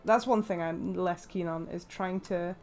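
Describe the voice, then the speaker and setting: A woman's voice: lowish voice, unhurried, darkish tone, soft background music. An English woman giving casual, rambling commentary while playing a video game. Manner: chatty, rambling, many fillers and laughs. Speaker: let's play host.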